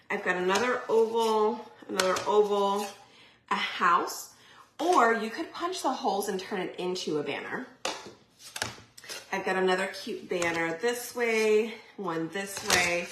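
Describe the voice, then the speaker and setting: Young woman crafting on a live, slow easygoing chatter, giggly, echoey room. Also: mid-range voice. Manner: chatty, giggly, talks to viewers while crafting. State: pregnant and out of breath at times. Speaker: crafting live stream host. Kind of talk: casual live stream chat. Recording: echoey room, faint noise.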